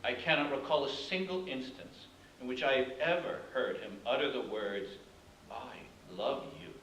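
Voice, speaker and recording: A man playing a resentful young son who talks in a cold, deliberate way about his dead father. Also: mid-range voice, fairly bright tone, roomy sound, slight background noise, close to an everyday voice, poor audio. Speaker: actor. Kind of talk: indie short film acting.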